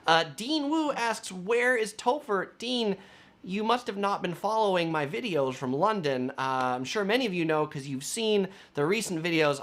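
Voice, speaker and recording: A man's voice: a little high, a bit bright. A man, a travel vlogger talking casually and chattily, with frequent fillers. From United States. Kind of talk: casual travel vlog talk.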